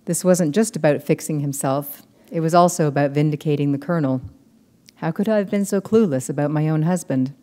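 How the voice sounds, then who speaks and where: A woman novelist reading her book aloud in measured, steady narration. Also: low-pitched, big-room sound.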